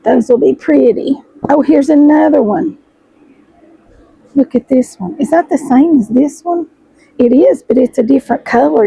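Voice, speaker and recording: A middle-aged woman, chatting excitedly to her viewers as she unboxes fabric, her voice hoarse and froggy. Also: sits high, moderate pace, no room sound, poor audio. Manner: chatty, gushing, addresses viewers as y'all. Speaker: sewing vlogger host. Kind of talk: casual chat while unboxing fabric.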